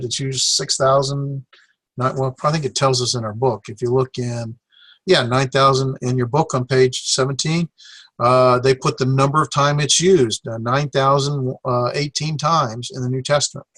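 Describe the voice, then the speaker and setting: A man teaching a Greek class, sounding out syllables with many pauses and fillers. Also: medium pitch, fairly bright tone, no room sound. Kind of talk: recorded classroom lecture.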